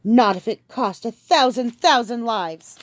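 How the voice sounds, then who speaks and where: A woman's voice: on the high side, big pitch swings, a little slow, dry recording, pitched above the performer's own voice. A woman voicing a scornful, venomous young queen. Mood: cold, poisonous. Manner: sharp, venomous delivery.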